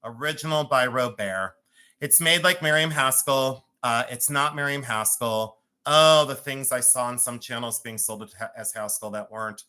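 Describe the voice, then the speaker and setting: A man hosting a live jewelry sale, chatty, theatrical and quick to mock himself. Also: medium pitch, sharp tone. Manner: chatty, self-mocking, theatrical. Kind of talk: live-stream jewelry auction.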